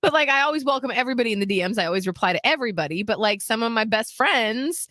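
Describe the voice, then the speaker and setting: A woman's voice: a little high, expressive, rapid-fire, sharp tone, no echo, clean studio sound. A woman who hosts radio and co-hosts a podcast, talking in a casual, blunt, self-deprecating way. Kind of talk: casual chat.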